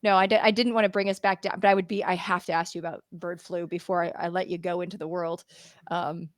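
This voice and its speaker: A woman's voice: fairly low pitch, level tone, fast, no room sound, studio quality. A woman hosting a podcast in casual interview chat, chatty and laughing often, with frequent restarts. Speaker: podcast host.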